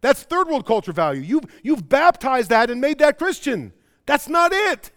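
A man with a Chicago-area accent preaching a sermon, swinging between loud emphatic bursts and quiet low passages, often repeating words as he presses a point. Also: moderate pace. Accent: Chicago-area American. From American Midwest. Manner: stumbles and repeats words when excited. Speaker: pastor.

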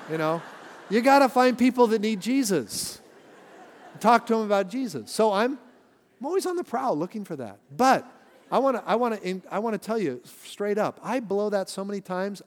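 A man with a high-pitched voice preaches in a conversational, storytelling way. His words ring out with a long reverb tail in a church sanctuary. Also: expressive, moderate pace. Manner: conversational storytelling with shifting emphasis. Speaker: pastor. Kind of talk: sermon.

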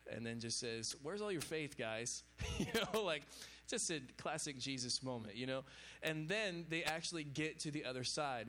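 With a slightly high voice and a sharp tone, a male pastor talks young adults through an informal sermon. He's casual and chatty, and "you know what I'm saying" and similar fillers come up a lot.

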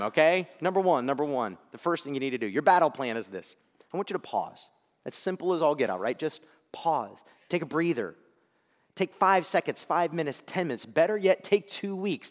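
A male pastor preaching with a lively, swooping delivery that sometimes sinks to a hush. His voice sits a little high for a man. The sound rings in a long, echoey hall. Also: normal speed. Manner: animated storytelling, dropping to near-whispers. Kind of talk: sermon.

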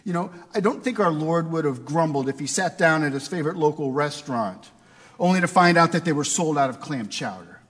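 A man's voice: fairly high pitch, lively intonation, a little fast, fairly bright tone, husky, in a large hall. A man preaching a sermon in a conversational way, asking his listeners rhetorical questions. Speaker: pastor.

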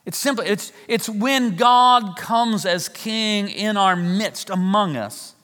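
A man's voice: sits high, takes it slowly, a bit bright. A middle-aged man preaching a sermon, emphatic and fond of repeating key phrases for effect. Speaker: pastor. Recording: long reverb of a large hall.

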